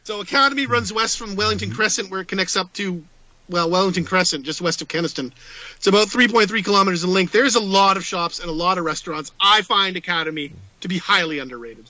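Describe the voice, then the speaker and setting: A man's voice: high voice, quick pace, pushed and bright, no echo, rough recording. A man co-hosting a podcast, reading out facts with playful asides in casual chat. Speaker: podcast co-host.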